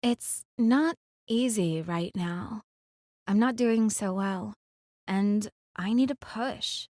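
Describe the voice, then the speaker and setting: A woman voicing a young female singer who pleads with her ex and defends herself in soft, earnest lines of audiobook dialogue. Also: medium pitch, slow, no room sound, clean studio sound, close to an everyday voice. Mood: pleading. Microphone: close studio mic.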